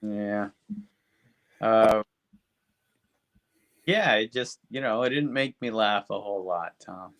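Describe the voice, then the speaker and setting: A man's voice: lowish voice, takes it slowly, long pauses, a bit bright. A man in his fifties co-hosting a podcast, reviewing movies in rambling, profane casual chat. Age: 50s. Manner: rambling and profane, with lots of fillers. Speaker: podcast co-host.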